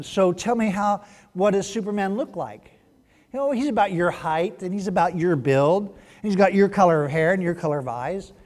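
Animated man preaching in an echoey hall. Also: high-pitched. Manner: animated, reads scripture and acts out the people in it. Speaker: pastor. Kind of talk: sermon.

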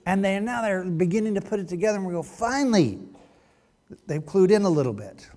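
A male pastor preaching a sermon, reading scripture aloud and acting out its people in animated bursts. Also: high voice, brisk, big-room sound.

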